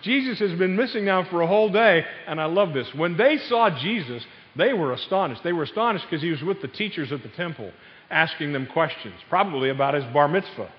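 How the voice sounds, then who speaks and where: An older man preaching a sermon, telling family stories with sudden loud outbursts. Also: a little high, expressive, brisk. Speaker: pastor. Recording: dull sound with long hall reverb.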